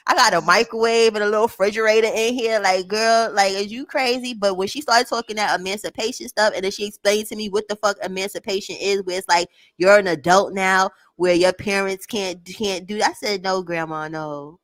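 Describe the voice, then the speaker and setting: A woman's voice: medium pitch, no room sound. A young woman in casual chat, telling a story with lots of swearing and acting out the voices of her family. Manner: animated, swearing, acts out family members' voices.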